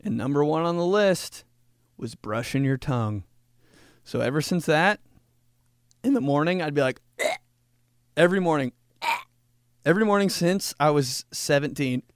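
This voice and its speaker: A man chatting on a comedy podcast, rambling through jokey stories with a bouncy, animated voice that rises and falls a lot. The sound is dry and close, with no room echo. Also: fairly high pitch, normal speed, clear, resonant tone. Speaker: podcast host. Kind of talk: casual comedic podcast chat.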